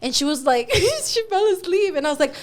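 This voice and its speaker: A woman co-hosting a podcast, telling stories in animated casual chat and swearing freely. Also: sits high, fairly quick. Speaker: podcast co-host.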